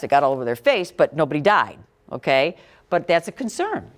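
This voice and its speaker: Woman quizzing a classroom. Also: lowish voice. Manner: direct, quizzing students. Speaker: parenting educator. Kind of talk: classroom talk.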